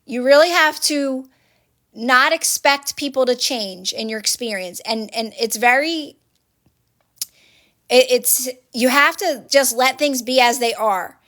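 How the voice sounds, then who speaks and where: A woman's voice: high voice, a little slow, fairly bright tone. A woman hosting a phone livestream, giving casual motivational advice to viewers in an earnest, repetitive coaching manner. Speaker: livestream host.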